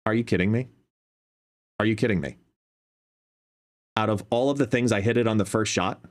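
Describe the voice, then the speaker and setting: A man hosting a live stream in casual chat, testing his desk microphone at his home gaming setup and explaining as he shifts between a quiet and a louder voice. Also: fairly low pitch, moderate pace. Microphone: desk microphone, no headphones.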